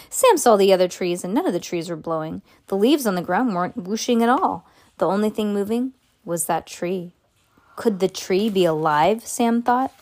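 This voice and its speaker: A woman reading a children's chapter book aloud, stumbling and correcting herself as she goes, and punching out the sound words. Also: mid-range voice. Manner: halting, self-correcting read-aloud with lively sound words. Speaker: reader.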